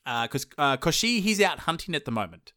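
A man, a podcast host retelling a folktale in casual chat with animated asides. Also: a little high, fairly quick, no room sound, clean studio sound.

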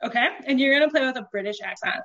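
Chatty woman guest, higher voice, muffled audio. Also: very fast, a bit bright. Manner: chatty, laughs often, lots of fillers. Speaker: comedy book author, guest. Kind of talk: casual chat.

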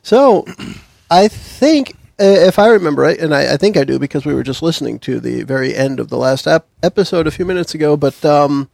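A man's voice: on the high side, animated, brisk, gravelly, darkish tone, no room sound. A man hosting a tabletop game podcast, chatting casually and upbeat with his players, a little self-deprecating. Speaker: podcast host.

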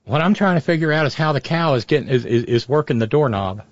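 A man's voice: fairly high pitch, lively intonation, fast, dry recording. A man giving off-the-cuff political commentary, sardonic and profane, rambling with frequent restarts. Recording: dull, dry lo-fi audio.

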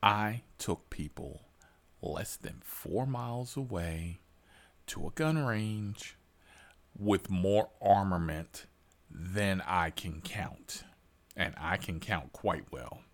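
Profane, animated man ranting to followers. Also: sits low, slow. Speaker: military veteran driver telling a story. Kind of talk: storytelling rant to followers.

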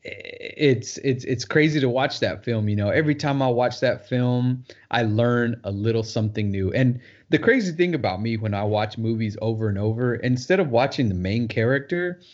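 A man's voice: mid-range voice, lively intonation, moderate pace, hardly any pauses. A man hosting a podcast, talking enthusiastically and giving motivational asides in casual chat. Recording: dull lo-fi sound.

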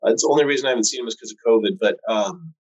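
A cannabis breeder guest with a fairly low, slightly rough voice races along on lo-fi audio. He's laid-back and foul-mouthed, spinning long stories stuffed with "um" and "like" and performing the voices of people he quotes.

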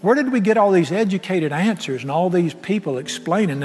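A middle-aged pastor, preaching a folksy, impassioned sermon that swings from loud to soft. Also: male voice, high-pitched, animated, brisk. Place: large church sanctuary. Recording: echoey sanctuary with long reverb.

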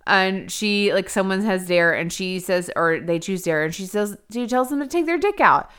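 A woman's voice: mid-range voice, animated, normal speed, a bit bright, clean tone. A woman co-hosting a podcast, talking frankly and casually about a movie, swearing freely and saying "like" a lot. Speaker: podcast co-host. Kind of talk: casual movie review chat.

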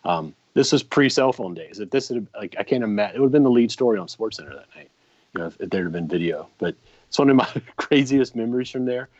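Low-voiced man telling a rambling story. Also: expressive, fast talker, a little mellow, no echo. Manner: rambling anecdotes with many ums and restarts. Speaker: podcast co-host. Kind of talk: casual storytelling. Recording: dry, slightly muffled podcast mic.

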